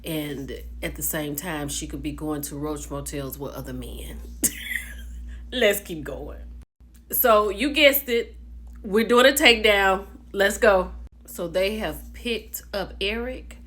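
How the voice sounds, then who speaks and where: A woman vlogger recapping a reality show in a casual gossip style, animated, calling viewers "baby" and "child". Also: lowish voice, takes it slowly. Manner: animated storyteller, calls viewers "baby" and "child", laughs often.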